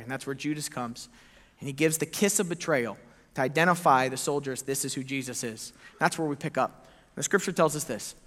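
A man preaching a sermon as pastor, telling the story in an animated way and acting out the quoted lines. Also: fairly high pitch. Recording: echoey hall reverb.

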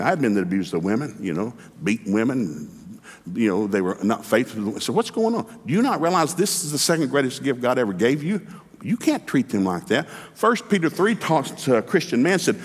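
A man preaching a sermon in a folksy, humorous, emphatic way, acting out the dialogue of his stories. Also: medium pitch. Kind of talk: lively sermon with storytelling. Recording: long hall reverb.

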